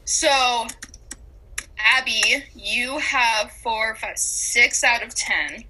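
A young woman co-hosting a podcast in casual chat, giggly and gushing with excitement. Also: on the high side, extremely slow, low-quality recording. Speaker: podcast co-host.

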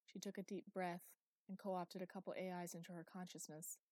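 A woman narrating an audiobook in a steady, even storytelling manner. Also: on the low side, brisk, no echo.

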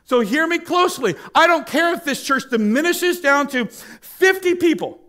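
A male pastor preaching a sermon, swinging from loud emphatic exhortation to hushed, soft appeals. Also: extremely high pitch, expressive, normal speed.

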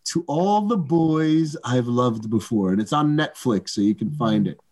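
A man co-hosting a podcast in casual chat, halting and restarting his sentences. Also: medium pitch, expressive, a little mellow. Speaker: podcast co-host.

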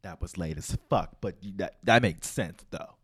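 A young man hosting a solo podcast, telling stories in a casual, profane, animated way, full of slang. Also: sits low, normal speed, breathy edge. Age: young adult. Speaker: podcast host.

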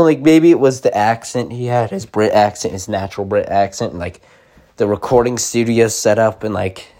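A man's voice: lowish voice, a little mellow. A young man rambling casually to camera, full of likes and restarts.

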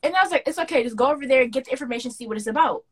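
Slightly high young woman, animated storyteller. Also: rapid-fire, breathy edge. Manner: animated storyteller, acts out quoted dialogue with slangy banter. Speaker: podcast co-host. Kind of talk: casual podcast chat.

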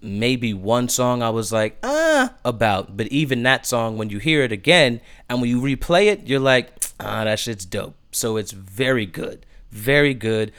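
A man hosting a podcast, gushing about new music in casual chat, stumbling over restarts in his excitement. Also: medium pitch, moderate pace, few pauses, smooth. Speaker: podcast host.

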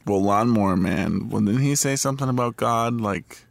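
A man's voice: fairly low pitch, a little fast, vocal fry, hardly any pauses, dry recording. A man co-hosting a podcast, bantering with dry, wry humor in casual chat. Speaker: podcast co-host.

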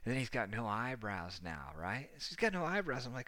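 A young man recounts a rowdy anecdote in loose, rambling fashion, swearing and laughing as he goes. His voice is bright and forceful, recorded dry and close. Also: medium pitch, big pitch swings, a little fast, no room sound. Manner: rambling, profane, laughing often. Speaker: storyteller. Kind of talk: casual anecdote telling.

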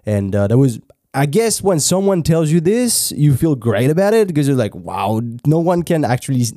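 A native French speaker from France hosts an English practice podcast, delivering an unscripted, casual monologue as he thinks aloud with many restarts and fillers. His mid-range voice is mellow, recorded with studio quality and no echo.

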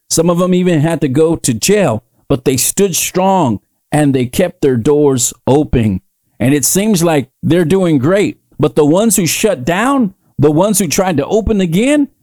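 A man's voice: fairly high pitch, darkish tone, no echo. A man hosting a podcast, preaching in an emphatic, repetitive way that rises into fervent declarations. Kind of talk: preaching commentary.

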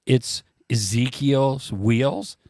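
A man hosting a faith conversation, reading quotes slowly and emphatically like a preacher. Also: medium pitch, a little mellow, no echo, studio quality. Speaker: podcast host.

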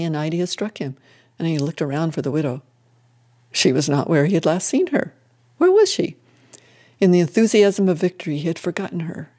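A storyteller reading an old-fashioned story aloud in a steady, measured way. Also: mid-range voice.

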